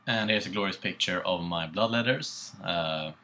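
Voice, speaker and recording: Young Swedish guy with a Swedish accent, low voice, laid-back and sweary tabletop commentary. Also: normal speed, sharp tone. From Sweden. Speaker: co-host. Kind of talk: casual battle report commentary.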